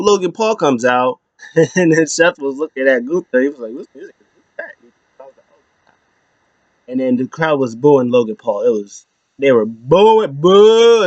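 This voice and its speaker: A man's voice: medium pitch, no room sound, lo-fi sound. Rambling man recapping a wrestling show. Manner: rambling, retells lines in quotes, many fillers.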